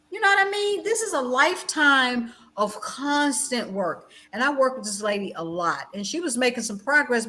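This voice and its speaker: A former chaplain now working as a guest educator, this middle-aged woman tells stories passionately and conversationally via video call. Insistent and repetitive in her phrasing, she swings from loud outbursts to low, quiet passages.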